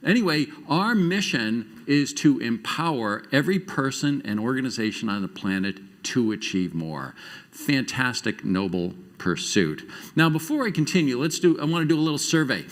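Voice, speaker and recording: A middle-aged man giving a conference talk on stage to a live audience, telling stories with quick shifts in loudness and pace. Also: medium pitch, sing-song. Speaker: conference speaker.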